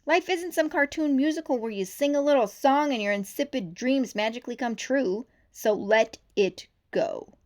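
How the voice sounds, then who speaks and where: A woman's voice: high-pitched, normal speed, few pauses, darkish tone, voice pushed up, lightly acted. A stern male buffalo police chief from a storybook, as a woman reads him. He talks in short, curt orders and barks when he is crossed. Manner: curt, barking commands.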